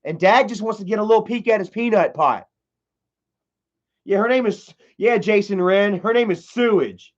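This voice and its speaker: A man's voice: sits high, moderate pace. A man telling a family story on a livestream, rambling and swearing, with many fillers. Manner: profane, rambling, heavy fillers. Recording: dull lo-fi livestream audio.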